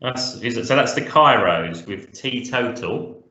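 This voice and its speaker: A man's voice: mid-range voice, animated, unhurried, bright, forceful tone. A man co-hosting a podcast, chatting casually and jokily about music and laughing easily. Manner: jokey, enthusiastic, laughs easily. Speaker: podcast co-host. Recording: echoey, dull lo-fi room.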